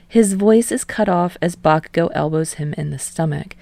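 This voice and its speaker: Gravelly low woman reading fan fiction. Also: moderate pace, few pauses, a little mellow, no echo. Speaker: podfic reader.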